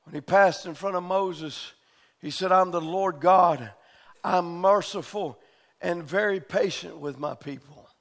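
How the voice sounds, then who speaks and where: A man preaching a fervent sermon, his voice sitting unusually high for a man. He often pushes into shouting as he preaches. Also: measured pace, gravelly.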